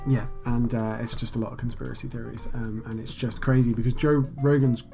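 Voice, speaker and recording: A man's voice: medium pitch, little pitch movement, a little fast, gravelly, loud music behind the voice. A man co-hosting a podcast in casual chat, dry and teasing. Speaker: podcast co-host.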